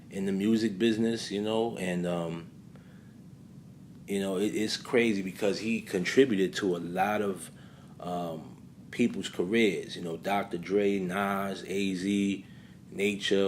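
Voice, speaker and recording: A man's voice: deep voice, slight background noise. A man hosting his channel, telling a story in loose casual commentary full of fillers. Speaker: channel host.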